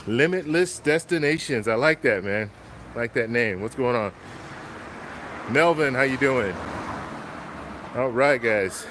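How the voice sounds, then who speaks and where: A man's voice: medium pitch, a little slow, pauses often, a bit bright, a little hiss or hum. A man hosting a walking live stream, chatting and greeting viewers by name, a little out of breath. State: slightly out of breath. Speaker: travel vlogger. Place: outdoors on city streets.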